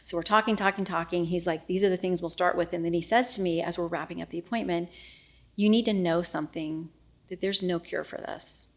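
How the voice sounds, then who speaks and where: A middle-aged woman recounts a personal ordeal as an interview guest, earnest and often falling to a near-whisper when she replays a conversation. Her voice sits a little low, with a gravelly fry. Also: fairly even intonation, fairly quick. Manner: earnest, reenacts dialogue, often drops to a hushed voice. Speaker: news anchor and guest. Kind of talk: emotional personal storytelling in interview.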